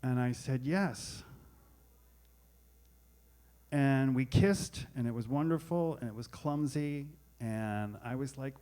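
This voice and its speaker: A man's voice: medium pitch, slow, warm tone. A man telling a candid, wry personal story on stage at a live storytelling event, speaking into a stage microphone. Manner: candid, wry, self-deprecating.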